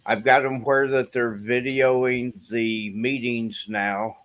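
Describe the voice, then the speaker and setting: A man's voice: mid-range voice, steady tone, slow pace, fairly bright tone. A man who serves on a city council, telling his experiences in a wry, matter-of-fact way during a casual panel discussion.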